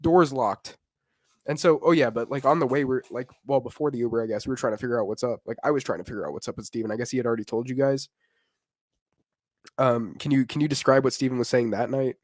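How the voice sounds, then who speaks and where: Young male podcast host, lively raunchy storyteller, dry close-miked sound. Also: medium pitch, fast, dry recording. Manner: animated, swearing, slangy, laughing often. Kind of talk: casual storytelling chat.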